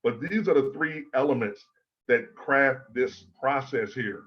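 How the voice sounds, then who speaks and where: A man giving an instructional talk on presenting, measured and emphatic, stacking his key points in threes. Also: medium pitch. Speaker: presentation coach. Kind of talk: instructional talk to a speakers' club. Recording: slightly dull, lo-fi sound.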